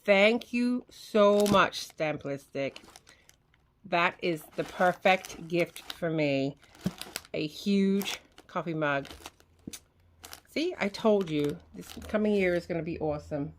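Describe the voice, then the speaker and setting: A middle-aged woman chatting casually to viewers while unboxing craft supplies at home, gushing and excitable. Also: on the low side, slow pace, pauses often, a little hiss or hum. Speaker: craft vlogger. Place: home room with recliner. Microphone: camera on a tripod.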